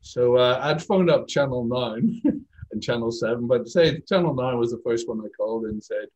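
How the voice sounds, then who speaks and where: A man's voice: medium pitch, lively intonation, normal speed, darkish tone, rough recording. A middle-aged man with an Irish accent, telling anecdotes as a guest in a casual interview, chatty and self-deprecating. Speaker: guest, speaker agency owner.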